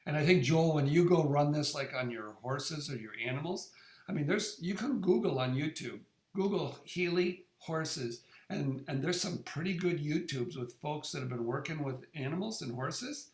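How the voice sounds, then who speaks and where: A middle-aged man tells his story in a relaxed, casual way. His voice sits a little high, and he stumbles over his words and repeats them. The sound rings around an echoey room. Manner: halting, repeats words and restarts often. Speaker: presenter sharing his experience. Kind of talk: casual conversational talk.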